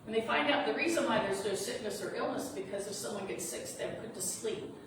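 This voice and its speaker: A woman's voice: on the high side, fast talker. Woman preaching in an echoey hall. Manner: earnest, storytelling, reassuring. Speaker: reverend. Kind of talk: sermon retelling a story. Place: sanctuary of a spiritual center. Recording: echoey hall from far off, noisy.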